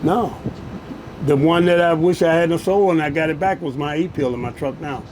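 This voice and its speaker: Host, male, slightly high voice, loose colloquial shop talk, jokes with callers, faint ambience behind. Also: normal speed, background noise. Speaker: show host. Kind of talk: casual shop chat on radio amplifiers.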